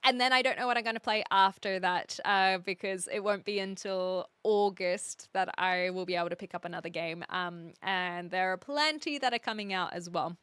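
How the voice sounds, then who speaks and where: Bright, crisp woman streamer. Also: mid-range voice, normal speed, hardly any pauses, dry recording. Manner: chatty, rambling, frequent restarts and laughs. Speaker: game streamer. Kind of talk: casual chat with live viewers. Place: home attic.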